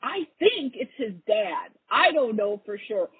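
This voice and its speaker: A fairly high, husky-voiced woman hosting a call-in advice show. She talks casually and laughs easily. Her voice comes over a tinny, phone-like line with a dry sound. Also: sing-song, measured pace, no room sound. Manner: chatty, warm-hearted, laughs easily.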